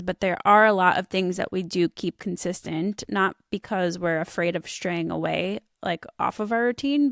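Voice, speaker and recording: A woman's voice: on the low side, gravelly, no room sound, studio quality. A woman in her thirties co-hosting a podcast, chatting casually with lots of "um" and "like". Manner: chatty, uses many fillers like "um" and "like". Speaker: podcast co-host.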